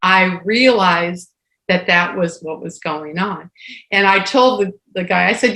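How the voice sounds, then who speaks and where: A woman's voice: lowish voice, measured pace. A woman in her sixties, co-hosting a casual talk and telling a personal story, acting out the dialogue. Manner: animated storyteller who acts out quoted dialogue. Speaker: co-host. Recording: roomy echo.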